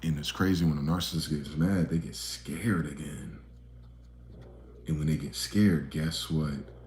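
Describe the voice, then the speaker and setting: A man with a low, dark voice delivers a profane, emphatic monologue. He jumps from loud, pointed outbursts to quiet, muttered asides. His voice rings in a bare, echoey room. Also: unhurried, slight background noise. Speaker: video commentator.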